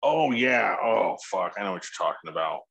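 A man's voice: sits low, lively intonation, moderate pace, creaky, a bit bright, slightly rough, no room sound, low-quality recording. A man co-hosting a casual podcast, laid-back and rambling, swearing freely. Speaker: podcast co-host.

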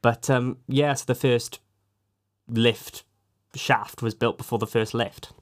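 A man co-hosting a podcast, rambling through stories in casual chat and restarting often, his voice jumping up when he gets excited. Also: mid-range voice, slow pace. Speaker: podcast co-host.

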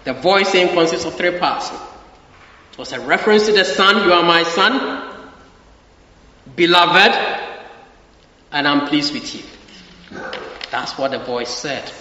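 A man's voice: fairly high pitch, lively intonation, measured pace, pauses often, pushed and bright. A man preaching a sermon with emphasis, repeating his key phrases and asking the congregation for agreement. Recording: echoey hall, dull lo-fi sound.

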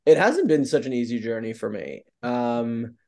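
A mid-range, expressive male voice, slightly creaky and a little mellow, moves at a moderate pace. As a podcast guest in a casual interview chat, he tells stories in an upbeat, open way and leans heavily on "like" as filler.

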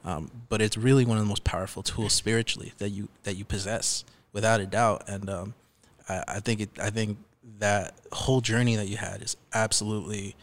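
A man from Peru hosting a podcast, speaking in a reflective, measured way. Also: lowish voice, fairly even intonation. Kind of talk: casual chat.

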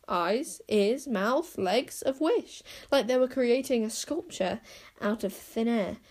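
A woman's voice: mid-range voice, darkish tone, low-quality recording. A woman reading an audiobook as narrator, telling the story expressively. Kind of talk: scripted narration.

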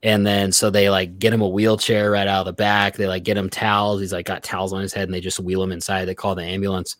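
A man telling workplace stories in a casual, profane, animated way. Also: low-pitched, quick pace, no room sound. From Reno area, Nevada. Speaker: podcast guest. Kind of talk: casual storytelling.

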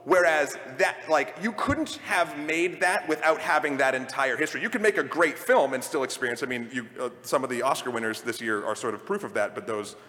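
A man's voice: mid-range voice, fairly quick, hardly any pauses, sharp tone. A man on a live convention panel, eager and rambling, often restarting his sentences as he makes his point. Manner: enthusiastic, rambling with many restarts. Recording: hall reverb from a live stage.

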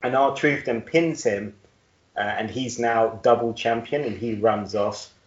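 A man's voice: mid-range voice, steady tone, unhurried. Jokey man on a roomy podcast. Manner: jokey, laughs at his own jokes. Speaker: podcast co-host. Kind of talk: casual podcast chat. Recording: roomy, dull-sounding audio.

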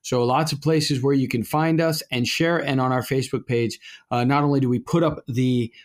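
A man's voice: mid-range voice, fairly even intonation, normal speed. A middle-aged man, a priest co-hosting a podcast, talking in a casual, rambling way with many fillers and restarts. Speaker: podcast co-host, Orthodox priest. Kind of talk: casual conversational podcast talk.

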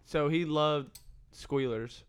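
A man's voice: fairly high pitch, slow pace, clean tone. A young man casually telling rambling hunting stories among friends, laughing often.

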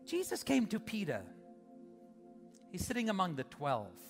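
A middle-aged man preaching a sermon as pastor, swinging from loud emphatic peaks to soft intimate asides. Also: high-pitched, wildly swooping pitch, measured pace, faint music behind. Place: large church auditorium. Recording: long hall reverb.

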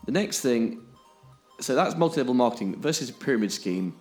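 A man's voice: medium pitch, animated, fairly quick, darkish tone, faint music behind. A man explaining things on a podcast in an emphatic way, often checking in with "okay?". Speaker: podcast co-host.

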